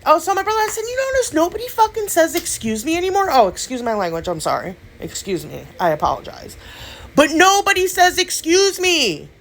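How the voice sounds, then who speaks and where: Young woman, nail vlogger, slightly high and very lively, casual and chatty. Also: fast, slight background noise. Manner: animated storytelling, chatty, swears. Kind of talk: casual rant and tutorial chat.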